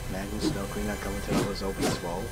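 A man's voice: lowish voice, monotone, very fast, over loud music. A man streaming a multiplayer game, chatting casually with teammates and his viewers, cursing and joking as he plays. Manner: swearing, joking, barking at teammates. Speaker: gaming streamer. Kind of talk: casual live-stream gameplay chat.

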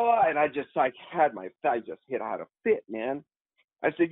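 A man, an actor guest on a podcast, telling a story in an animated, slangy way and calling people "man", "dude" and "bro". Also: medium pitch, moderate pace, vocal fry, slightly rough, dry recording. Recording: tinny phone-like remote call line, dry.

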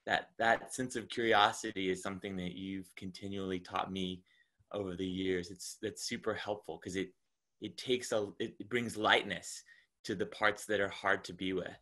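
A man co-hosting a group session over a video call, speaking softly and haltingly with many repeated words. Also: low voice, steady tone. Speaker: co-host and facilitator. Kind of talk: reflective conversation on a video call.

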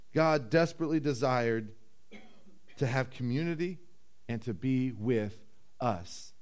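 A man preaching a sermon as pastor, telling the story with animated acted-out voices and dropping low and slow for emphasis. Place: church.

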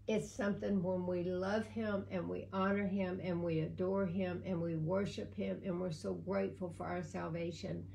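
A woman's voice: lowish voice, flat delivery, normal speed, creaky, hardly any pauses, dark tone, slight background noise, rough recording. An older woman pastor preaching fervently in a casual talk, repeating phrases for emphasis. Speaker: pastor and co-host.

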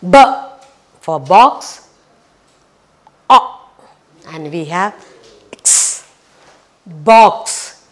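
A woman teaching a children's phonics lesson, sounding out letters slowly and repeating each one. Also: on the low side, lively intonation, fairly bright tone.

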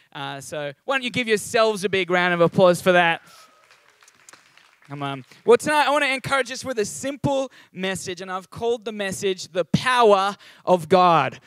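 A man's voice: sits high, fairly bright tone, no echo. A young Australian man giving a chatty, upbeat sermon at a church service. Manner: chatty and upbeat, with frequent ums and asides. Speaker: guest preacher.

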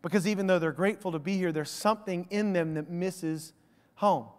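A man preaching a conversational sermon, swinging from loud emphasis to hushed, drawn-out words. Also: sits high, clean tone, long reverb tail. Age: adult father of a young son. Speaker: pastor. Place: church sanctuary. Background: soft instrumental music.

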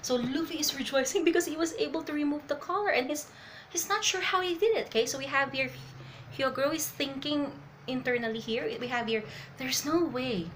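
A woman doing a live reaction to a comic, excitable and a little nervous, laughing and tagging her sentences with "okay?". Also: sits high, brisk, a little hiss or hum, poor audio. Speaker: manga reaction vlogger. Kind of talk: live reaction and reading aloud.

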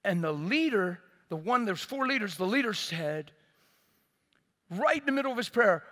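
High, bright-voiced preacher in a hall. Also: male voice, normal speed. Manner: expressive and emphatic, swinging from loud bursts to hushed. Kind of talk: sermon.

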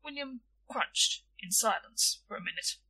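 A woman narrating a storybook in a lively, expressive reading. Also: on the high side, measured pace, husky, far from the mic, poor audio.

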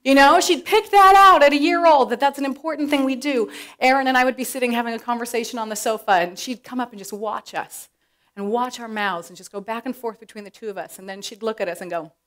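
Woman, middle-aged, fairly high voice, lively storyteller, acts out quotes. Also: fast. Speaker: presenter. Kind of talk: personal story told to an audience.

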